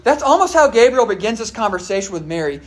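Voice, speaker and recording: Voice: mid-range voice, big pitch swings, fast talker. A preacher giving a sermon in a conversational way, asking the listeners questions and often saying "all right" and "uh". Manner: many fillers like "all right" and "uh".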